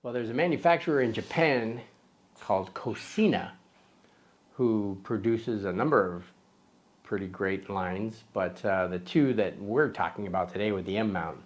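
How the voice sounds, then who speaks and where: A man with a fairly low voice hosts a photography vlog. He talks to camera in a loose, chatty way. He wanders off topic, pokes fun at himself and fills gaps with ums and uhs. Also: a little slow. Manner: chatty and self-deprecating, with many fillers and restarts. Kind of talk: casual rambling talk to camera.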